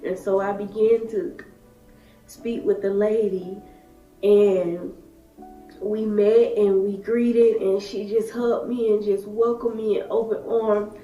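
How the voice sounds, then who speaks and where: A woman, telling her own story in halting, emotional short phrases. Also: mid-range voice, steady tone. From Alabama, USA. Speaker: daycare worker sharing her story. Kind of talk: personal testimony. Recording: echoey room, distant mic, soft music.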